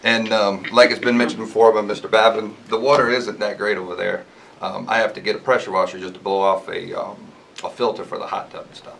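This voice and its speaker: Southern man speaking up at a town hearing, low gravelly voice, earnest and repetitive. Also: little pitch movement, a little fast, a bit bright, a little hiss or hum, low-quality recording. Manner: earnest, pleading, repeats his point. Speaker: resident giving public comment. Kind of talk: public hearing comment.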